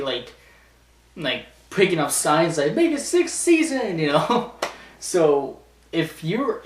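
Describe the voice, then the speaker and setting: Man, casual vlog chat, rambling and stammering, slightly high voice, roomy echo. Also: fairly bright tone. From Canada. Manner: rambling and enthusiastic, frequent stammered restarts. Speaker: vlogger. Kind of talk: casual chat, ranking TV shows. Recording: echoey room, mic at a distance.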